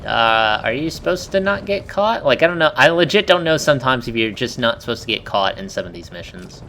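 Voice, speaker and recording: A man's voice: medium pitch, a little fast, a little hiss or hum. A man chatting and joking casually while commenting on someone else's game playthrough. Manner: joking, animated, laughs often. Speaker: co-commentator on a gameplay video. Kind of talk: casual gaming banter.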